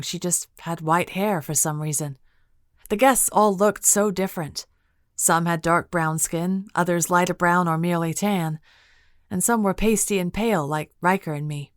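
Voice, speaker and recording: A woman narrating a fantasy audiobook in the first person, in a steady, measured storytelling manner from a studio booth. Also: lowish voice, no echo.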